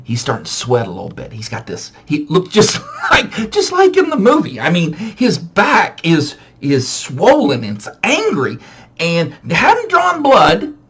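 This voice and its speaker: A man casually telling a funny true story from his childhood, animated and self-mocking, with frequent restarts. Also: a little high, measured pace, a little hiss or hum.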